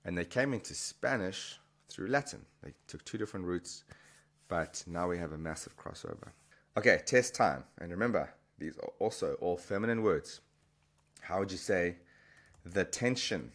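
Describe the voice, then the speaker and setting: Low-voiced man teaching Spanish. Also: animated. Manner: chatty, repeats words slowly for pronunciation. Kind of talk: explanatory language lesson.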